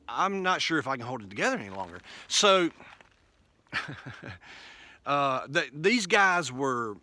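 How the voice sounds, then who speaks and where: Bright-voiced rambling truck driver. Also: male voice, medium pitch, very animated, slow pace, pauses often. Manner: rambling with restarts, acts out quoted voices. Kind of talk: casual storytelling to camera.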